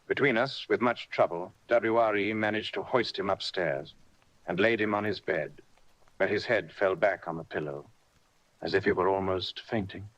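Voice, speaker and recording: Male audiobook narrator, fairly low voice, measured and steady. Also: dry recording, poor audio. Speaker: audiobook reader. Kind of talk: scripted narration.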